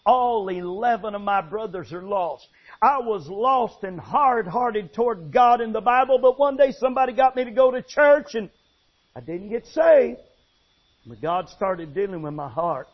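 A man's voice: sits high, animated, normal speed. A man voicing an elderly preacher in his eighties giving an earnest, fervent testimony. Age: 80s. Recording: dull lo-fi sound.

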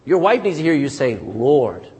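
A man pastor preaching a sermon, animated and calling out for "amen" from the congregation. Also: sits high, moderate pace. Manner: animated preaching with frequent call-and-response "amen".

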